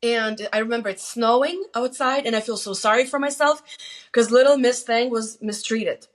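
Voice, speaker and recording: A woman's voice: on the high side, moderate pace. A middle-aged woman talking casually, telling stories and giving plain-spoken, earnest advice as a guest on her daughter's channel. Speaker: guest, host's mother. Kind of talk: casual conversation.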